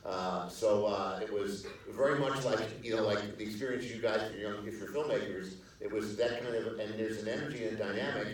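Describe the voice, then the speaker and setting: A man's voice: fairly low pitch, fairly quick, few pauses. Older guy telling rambly set stories at a theater q&a, lots of uh and restarts, super echoey hall, mic kinda far off. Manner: rambling, many restarts and fillers, acts out quoted people. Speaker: screenwriter and producer guest on a panel. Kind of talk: storytelling anecdotes at a live Q&A. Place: theater stage in front of an audience.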